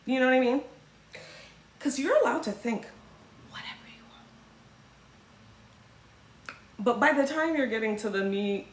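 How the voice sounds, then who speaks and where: A woman hosting a casual commentary livestream, talking in a loose, sarcastic way and now and then slipping into mocking voices. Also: on the low side. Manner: conversational, sarcastic, swings into mocking put-on voices. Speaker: host. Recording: echoey room with faint ambient noise.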